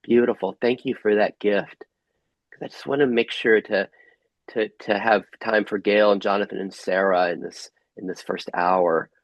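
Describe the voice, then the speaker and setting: A man facilitating an online group workshop over a video call, gently asking soft reflective questions. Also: lowish voice, steady tone, normal speed, dry recording, lo-fi sound.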